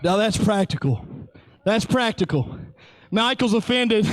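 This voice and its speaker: Very high-voiced, slow-talking male preacher. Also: expressive, no room sound. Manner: exclaiming, joking, laughing often. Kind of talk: casual preaching.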